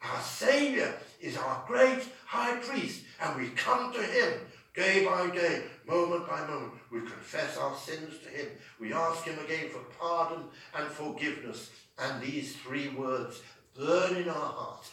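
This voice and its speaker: Guy preaching real slow, fervent, kinda higher voice, mic far off in a booming chapel. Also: lively intonation, bright, forceful tone, heavy reverb. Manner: fervent, drawn-out emphatic delivery. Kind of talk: sermon.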